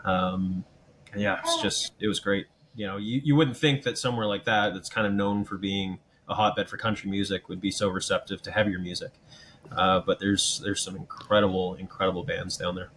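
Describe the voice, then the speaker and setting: Low-voiced male band member, even and unhurried in a casual interview, faint hiss behind. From Canada. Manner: steady, thoughtful, many "um" and "you know".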